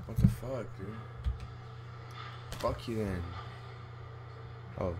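A man's voice: fairly low pitch, extremely slow, heavy background noise. A young man giving casual gameplay commentary, joking around and trash-talking with plenty of swearing. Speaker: gamer.

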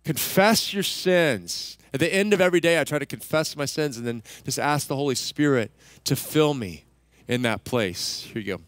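A man pastor preaching a sermon in a conversational, self-deprecating way, going soft and slow when he leads prayer. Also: mid-range voice, animated, no echo.

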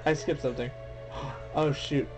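A young man commenting casually on a game he plays, excitable and dramatic, mocking himself, with game music behind. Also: fairly high pitch, moderate pace. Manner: excitable, dramatic, self-deprecating. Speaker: let's play gamer. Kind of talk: casual game commentary, reading dialogue aloud. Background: faint game music.

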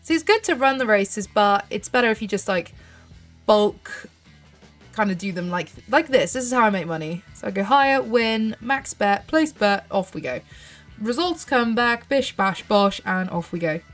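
In casual gameplay commentary, this gaming channel host from the UK, a woman of 30, talks animatedly at a medium pitch and moderate pace. Faint music plays behind her. She comes across bubbly, thinking out loud with small gasps and squeals.

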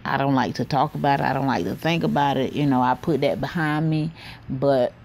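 A woman vlogging outdoors on her back porch, talking candidly and warmly to her viewers in a chatty, heartfelt way. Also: extremely low pitch, fairly even intonation, a little fast, vocal fry, slight background noise. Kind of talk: casual vlog talk to camera.

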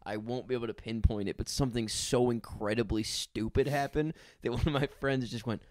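A man's voice: medium pitch, steady tone, fairly quick, darkish tone, no room sound, studio quality. A young man co-hosting a podcast, telling exasperated stories about a bad movie with plenty of swearing. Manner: exasperated storytelling, heavy swearing. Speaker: podcast co-host. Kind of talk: casual movie review chat.

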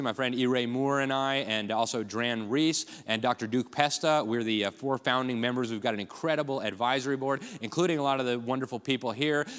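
A fast, urgent man delivers a rallying speech from a conference stage. His voice rings out with a long hall reverb behind it. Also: medium pitch, fairly bright tone. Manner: urgent, rallying, addresses crowd as folks. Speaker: conference speaker.

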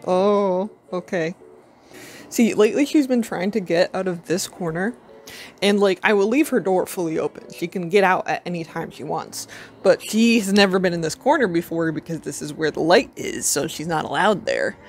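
A woman's voice: lowish voice, normal speed, slight background noise. A woman vlogging casually, cooing at and playfully scolding her pet rabbit, laughing often.

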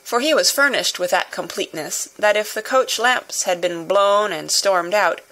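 A woman narrating a classic novel in a measured, even storytelling manner. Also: mid-range voice, poor audio. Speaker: audiobook narrator.

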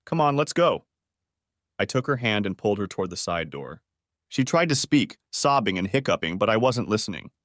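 A man reading a first-person story aloud in a steady, even manner. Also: fairly low pitch, a little fast, no echo, studio quality. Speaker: audiobook narrator.

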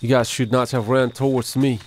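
A man's voice: medium pitch, little pitch movement, normal speed, noisy background. A man in casual multiplayer game chat as a streamer, joking and bantering playfully with his teammates. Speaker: gaming streamer.

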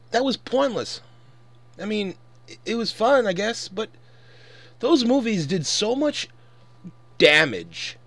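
A man's voice: on the high side, fairly bright tone, dry recording. A man in his twenties ranting angrily and profanely in a casual commentary. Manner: angry, profane, exasperated. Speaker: vlogger.

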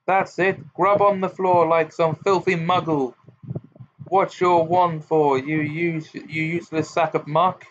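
A man's voice: fairly high pitch, normal speed, a little hiss or hum, pitched above the performer's own voice, close to an everyday voice. A man voicing a furious, scornful old wizard father who bellows and jeers in a muffled home recording. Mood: bellowing. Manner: bellowing, jeering, snarling.

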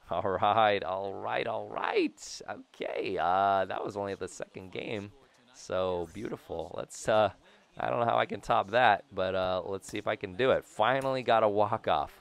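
A man's voice: lowish voice, a little slow, gravelly. A young man rambling and joking to viewers while commentating a video game he is playing. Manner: rambling, jokey, talks to viewers; bursts into loud shouting at big plays. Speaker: gaming video host. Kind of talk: casual gameplay commentary.

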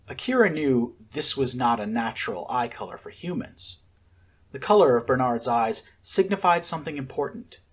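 A man reads a story aloud with a husky, slightly rough voice. His pitch rises and falls with lively expression. The delivery is measured audiobook narration. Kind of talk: audiobook narration of fan fiction.

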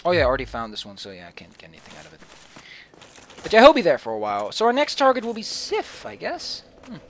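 An animated let's play host giving joking commentary over gameplay. The pitch swings wildly, and the voice jumps between loud outbursts and mumbled asides. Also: fast talker.

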